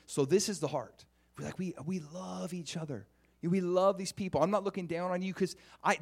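A man preaching a conversational sermon, earnest and often putting questions to the congregation, with frequent restarts. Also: brisk. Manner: earnest, with restarts and lively pitch swings.

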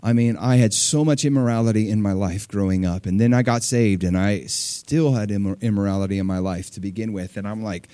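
A man preaching a sermon, conversational with fillers and small laughs, rising to loud peaks and dropping to hushed asides. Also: on the low side, brisk, hardly any pauses, no echo, clean studio sound. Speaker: pastor.

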